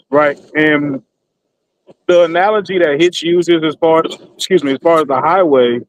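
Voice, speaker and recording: A man's voice: a little high, no echo, rough recording. A man speaking on an online panel debate, hiccuping and repeatedly excusing himself as he makes his point. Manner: keeps saying excuse me through hiccups.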